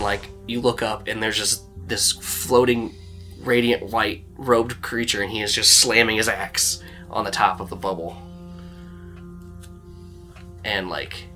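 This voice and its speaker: A man's voice: lowish voice, pushed and bright. A man narrating a tabletop role-playing game as game master, in a loose storytelling way with lots of fillers.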